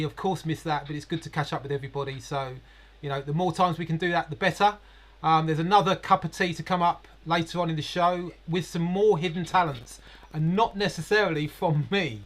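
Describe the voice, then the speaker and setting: A man's voice: on the high side, a bit bright. A middle-aged man from Bristol, co-hosting a live show in a chatty, upbeat way. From Bristol, England. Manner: chatty, upbeat, quick to laugh. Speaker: co-host. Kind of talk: casual live-show chat. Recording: echoey room, distant mic.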